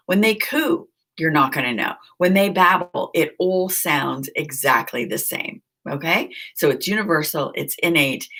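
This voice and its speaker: A woman's voice: low voice, a bit bright. A woman giving a conversational recorded lecture, asking the listeners questions and repeating key points.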